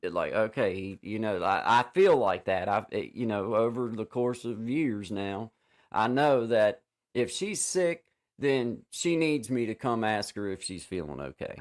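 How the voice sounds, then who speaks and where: A man hosting a casual livestream chat over a video call, rambling with many restarts and fillers and giving warm shout-outs to viewers. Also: on the low side, expressive, measured pace. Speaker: livestream host.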